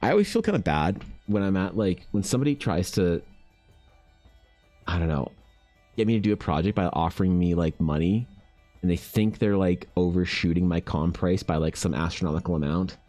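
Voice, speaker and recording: Streaming his drawing session, a man chats casually, reacts to chat, swears freely and teases himself. His deep voice is expressive, warm and a little fast, over faint background music.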